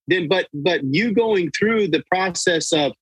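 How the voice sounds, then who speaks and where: A man's voice: sits high, lively intonation, unhurried, fairly bright tone, husky, no room sound, low-quality recording. A male podcast host chatting casually, agreeing and chiming in. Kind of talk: casual chat.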